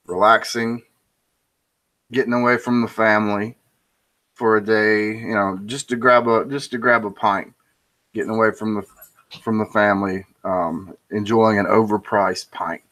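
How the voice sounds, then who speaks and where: A man with a fairly low voice hosts a relaxed monologue. He rambles through a joke with restarts and asides about his own delivery. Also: measured pace, long pauses. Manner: rambling, with restarts and self-commentary. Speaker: host. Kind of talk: casual monologue telling a joke.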